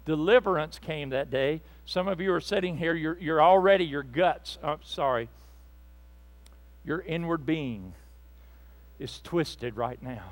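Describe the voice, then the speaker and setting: Male preacher, high voice, fervent sermon that swings from loud bursts to hushed asides. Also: unhurried. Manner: speaks to the congregation directly, with asides and apologies.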